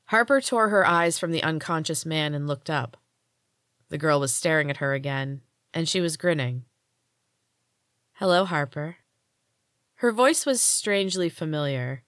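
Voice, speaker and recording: A woman reads her own story aloud in a calm, measured narration. Her voice sits low. The recording is dry and close, with no room echo. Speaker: podcast host reading her own fiction. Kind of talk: audiobook-style story narration.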